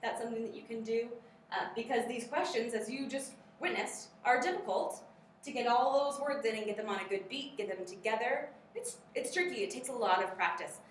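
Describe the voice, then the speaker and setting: A woman's voice: fairly high pitch, brisk, slight background noise. Upbeat woman teacher in an echoey room. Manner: upbeat, rhythmic drilling of chant patterns. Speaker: teacher trainer. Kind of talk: workshop lesson for teachers. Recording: very echoey room, mic far off.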